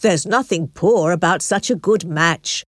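A woman's voice: lowish voice, a little slow, no echo, clean studio sound, natural voice. A woman voicing a respectable man in his late thirties who speaks plainly and directly. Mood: frank.

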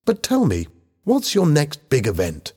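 A man doing a sensible schoolteacher, measured and reasonable, voice raised above his own, lively pitch, storybook reading. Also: breathy edge, full character voice. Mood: calm. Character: adult male economics teacher, calm and sensible.

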